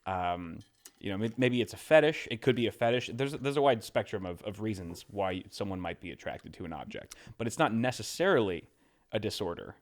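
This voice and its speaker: Podcast co-host, man, low-ish voice, casual, stammers and laughs a lot. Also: animated, brisk. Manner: laughs often, stammers and repeats words.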